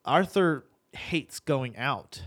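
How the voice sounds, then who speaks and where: A man's voice: medium pitch, lively intonation, extremely slow, a bit bright. A man hosting a casual gaming podcast. He rambles, restarts his sentences and laughs often.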